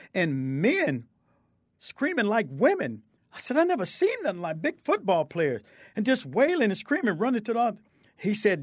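A fervent man with a high voice speaks as a guest preacher. He recites scripture and his testimony with strong conviction, and the recording is dry and close. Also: sing-song, fairly quick, no echo.

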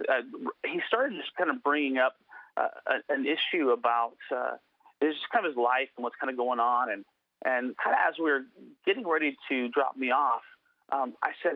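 A man's voice: mid-range voice, normal speed, no echo. Man telling a story down a tinny phone line. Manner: earnest, many restarts and fillers. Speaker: guest. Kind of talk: storytelling interview.

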